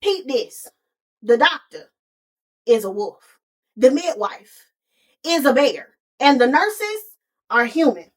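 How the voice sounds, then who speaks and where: A woman hosting a podcast, retelling a movie in a casual, animated way with playful asides. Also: high voice, takes it slowly, long pauses, far from the mic. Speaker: podcast host.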